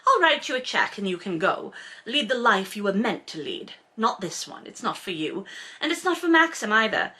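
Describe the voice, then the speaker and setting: A woman reading aloud as a cold, snobbish, wealthy older mother-in-law, speaking in an icy, condescending, measured way. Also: medium pitch, very animated, pushed and bright. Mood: cold disdain.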